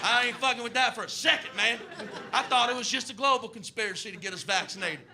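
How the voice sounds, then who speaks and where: Brief: comedian puts on a profane, defiant conspiracy guy, high gravelly voice, ranting. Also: fast talker, crowd noise. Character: defiant, angry American male conspiracy believer.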